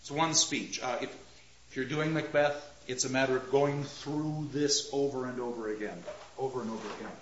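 A man's voice: mid-range voice, a bit bright, slight background noise. Emphatic male lecturer in a roomy classroom. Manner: deliberate and emphatic, slowing down to stress points. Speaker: lecturer on Shakespeare. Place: classroom with a marker board. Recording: roomy, dull lo-fi lecture recording.

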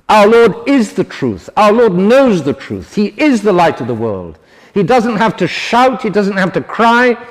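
A male priest with a notably high voice delivers a sermon in an earnest, emphatic way. He stumbles and restarts phrases as he goes, and his words ring out with a long reverb, as in a large church. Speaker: priest preaching to seminarians.

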